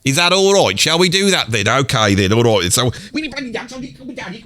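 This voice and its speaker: A man's voice: a little high, very animated, fast talker, sharp tone. A man playing a rambling Birmingham bloke who swears constantly, in a comedic monologue sketch, with a Birmingham accent. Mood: flustered. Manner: rambling, peppers every line with "bloody". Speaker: comedy character talking about music.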